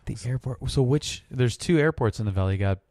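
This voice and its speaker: Eager podcast co-host. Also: male voice, mid-range voice, expressive, a little mellow, no echo, studio quality. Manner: enthusiastic, quick interjections. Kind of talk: casual chat.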